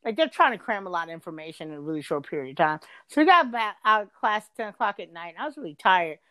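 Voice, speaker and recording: A middle-aged woman tells a rambling story in an easy, chatty way. Her voice is dry and close to the mic, at a middle pitch. It jumps up high whenever she gets exasperated. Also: quick pace, no room sound. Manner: animated, swings to high excited pitch when exasperated. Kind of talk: casual storytelling chat.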